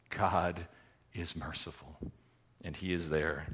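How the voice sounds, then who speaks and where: A man preaching a sermon to his church congregation, asking rhetorical questions and swinging between emphatic swells and quiet drops. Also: low voice, level tone, unhurried, breathy edge. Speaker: pastor.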